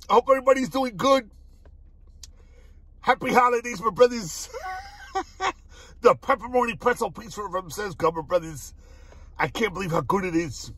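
A man doing a casual food review vlog, excitable, laughing often and calling his viewers "my brothers" again and again. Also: sits high, normal speed, creaky, long pauses, husky.

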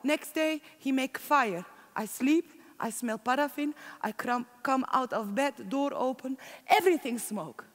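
On stage, an actress performs a theatrical monologue as a Turkish immigrant woman recounting her marriage, telling it plainly in slow, broken English. Her high-pitched voice is expressive and the mood is grim. The long reverb of a large conference hall surrounds her.

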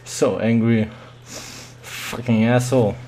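A man's voice: medium pitch, steady tone, slow pace, a little mellow, a little hiss or hum. A man commentating his own shooter match live, muttering and swearing with sudden yelps.

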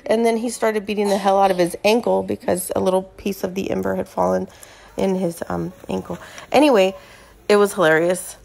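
Cooking vlog host, woman from California, lively storyteller who acts out the quoted voices, slight fry, mid pitch. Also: a little fast. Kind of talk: casual storytelling to camera.

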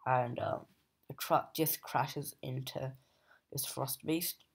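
Young adult, comic reviewer, casual plot recap, slow talker, monotone, hesitant with fillers. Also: medium pitch, vocal fry, breathy edge. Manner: hesitant, many fillers and "just like".

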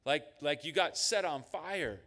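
A man preaching a sermon as a pastor. He talks in an animated way and acts out the voices of God and his listeners. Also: fairly high pitch, a little slow, long reverb tail. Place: church sanctuary.

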